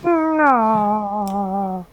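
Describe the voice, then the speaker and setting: A woman's voice: mid-range voice, lively intonation, drawn-out words. A woman on a live stream, chiming in with short, playful interjections. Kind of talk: casual live-stream banter.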